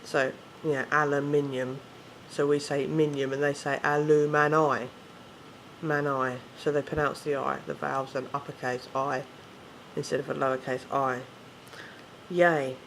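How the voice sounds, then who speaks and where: A man's voice: mid-range voice, completely flat delivery, a little fast, creaky, fairly bright tone, a little hiss or hum. A man with an English accent, ranting casually to camera, swearing often and correcting himself as he rambles. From England. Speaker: vlogger.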